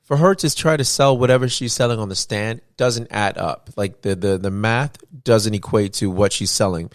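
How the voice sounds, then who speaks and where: Low-voiced man in casual podcast chat. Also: moderate pace, no room sound, studio quality. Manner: rambling, animated retelling with frequent restarts. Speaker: podcast co-host.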